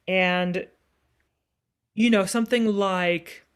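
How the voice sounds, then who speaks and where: A woman's voice: medium pitch, fairly even intonation, very slow, smooth. A woman voice teacher leads a masterclass, coaching a student with an encouraging, hands-on manner. She breaks off into dramatic readings of the lyrics to make her point, then returns to plain, friendly explanation. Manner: encouraging, demonstrative, speaks lines of text with dramatic reading.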